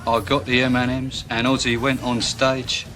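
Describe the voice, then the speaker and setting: A man's voice: medium pitch, little pitch movement, moderate pace, background noise, natural voice. A man playing a boastful British rock roadie. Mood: deadpan boastful. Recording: clip played with music under it.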